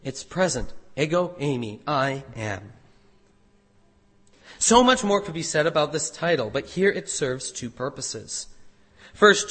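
A man preaching with a bright, forceful, slightly husky voice that sits a little high. He swings between loud, emphatic declarations and quieter, careful explanation. The sound carries the long reverb of a large hall. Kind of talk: sermon.

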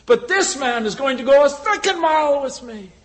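A man voicing a Roman soldier, speaking in a quiet, marveling way. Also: very high-pitched, animated, moderate pace, pitched above the performer's own voice. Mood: amazed. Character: gruff Roman soldier, man, grown, astonished.

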